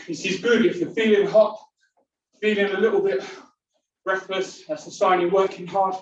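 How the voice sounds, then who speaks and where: Breathless woman leading a workout, echoey room. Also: on the low side. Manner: counts down and calls out moves while exercising along. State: breathing hard between exercises. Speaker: fitness instructor. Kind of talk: leading a home workout class. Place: indoors. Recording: very echoey room, distant mic, dull sound, faint noise.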